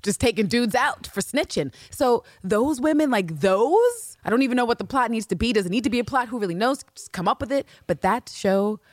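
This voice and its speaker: A woman co-hosting a casual fan podcast, animated, swinging from loud exclaiming to hushed asides. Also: on the high side, fairly quick, hardly any pauses, dry recording, studio quality. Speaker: podcast co-host.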